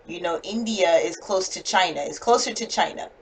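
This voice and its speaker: A woman with a standard North American accent teaching a one-on-one English lesson over a video call. She explains slowly and clearly, with patience. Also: on the low side, slight background noise, low-quality recording. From United States.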